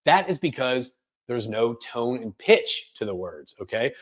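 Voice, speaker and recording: Male career coach running a webinar; quick, energetic, self-correcting delivery. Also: medium pitch. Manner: fast, energetic delivery with many restarts. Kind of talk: webinar talk.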